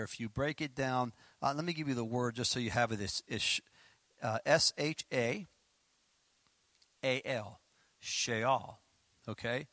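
Male pastor, bright forceful tone, close dry mic, animated sermon delivery. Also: no echo. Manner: animated, laughing, acts out quotes with pitch leaps.

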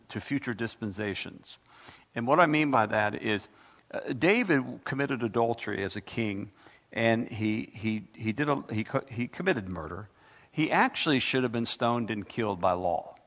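In a sermon, a male pastor with a gravelly, mid-range, fairly bright voice drives home his points through repeated rhetorical questions. The audio is dull with a long church echo.

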